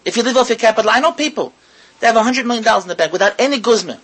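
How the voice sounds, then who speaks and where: A man giving a sermon to an audience as a rabbi, animated and full of rhetorical questions, repeating his words and mixing in Hebrew and Yiddish terms. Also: very high-pitched, racing, breathy edge, rough recording.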